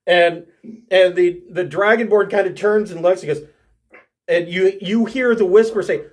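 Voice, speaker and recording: A man's voice: high-pitched, steady tone, normal speed. A man narrating as game master of a tabletop game, restarting often and laughing along.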